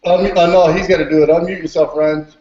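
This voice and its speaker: A man's voice: a little high, steady tone, quick pace, a crowd in the background. A man chatting casually on a group video call, friendly and slangy. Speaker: panel member. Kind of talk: casual chat. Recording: roomy dull call audio.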